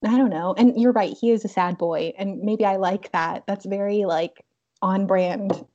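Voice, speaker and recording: A woman's voice: medium pitch, fairly even intonation, normal speed, warm tone. A young woman co-hosting a podcast in casual chat, giggly and full of "like" fillers. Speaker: podcast co-host. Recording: dull lo-fi sound.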